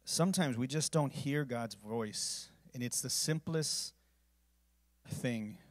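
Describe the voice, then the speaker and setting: Male pastor, average pitch, earnest sermon delivery swinging from quiet to booming. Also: slow pace. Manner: earnest storytelling, volume swinging from hushed to loud. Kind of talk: sermon closing with communion and prayer.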